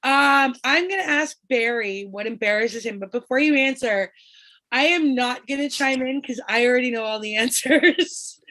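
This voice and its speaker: A talkative woman hosts a relaxed group chat over a video call. Her voice sits a little high, and she speaks with lively, encouraging energy. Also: moderate pace. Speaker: host.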